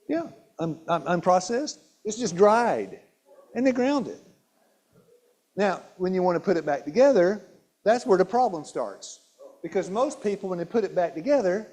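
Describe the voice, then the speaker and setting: A man's voice: high-pitched, a little mellow. A man presenting a nutrition talk at a church hall, quizzing his audience with questions, repeating key words and often restarting sentences. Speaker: health seminar presenter.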